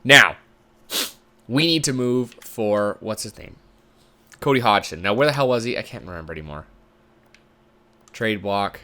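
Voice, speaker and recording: Man, casual game commentary, thinking aloud, chatty, animated pitch. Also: unhurried, long pauses. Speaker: gamer commentator.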